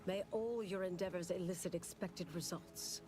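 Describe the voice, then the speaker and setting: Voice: mid-range voice, steady tone, normal speed, lightly acted. An actor voicing a cool, formal scientist character in a game, speaking with clipped, formal diction.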